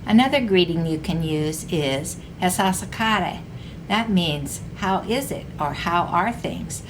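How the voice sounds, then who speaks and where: Slow, careful woman teaching a language. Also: lowish voice, expressive, noisy background. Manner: slow, careful explanations with repeated example phrases. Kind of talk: recorded language lesson.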